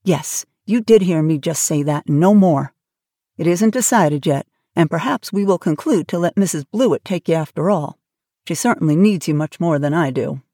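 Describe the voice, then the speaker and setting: A woman voicing a stern, brisk middle-aged spinster woman who speaks severely. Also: sits low, warm tone, no room sound, studio quality. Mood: cross.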